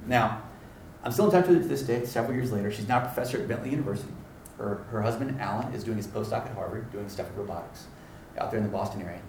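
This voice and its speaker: A man preaching a sermon, telling a story and acting out the dialogue in an animated way. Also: mid-range voice, a little hiss or hum. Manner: animated, acts out dialogue with laughter. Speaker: pastor. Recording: echoey room, mic at a distance.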